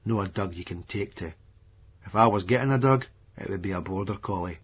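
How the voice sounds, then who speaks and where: A man doing a terse, quiet Edinburgh heavy. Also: low voice, brisk, breathy edge. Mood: sullen. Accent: Scottish, Edinburgh. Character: taciturn, hulking Edinburgh man driving. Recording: dull lo-fi audiobook recording.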